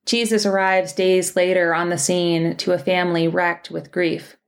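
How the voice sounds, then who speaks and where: Low gravelly woman narrating a sermon. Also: little pitch movement. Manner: gentle storytelling with measured phrasing. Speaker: podcast host and minister. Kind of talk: scripted reflective sermon narration.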